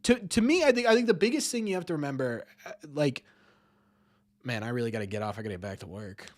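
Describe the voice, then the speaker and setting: A man's voice: medium pitch, animated, quick pace. A man hosting a live-streamed sports talk show, rambling, repeating words and ending many lines with "right?". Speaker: podcast host.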